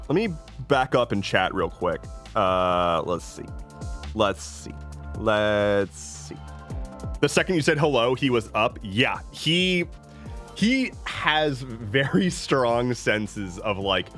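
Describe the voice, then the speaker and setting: A man's voice: mid-range voice, fairly bright tone. A man chatting casually on a live stream, joking playfully and reading viewer messages aloud.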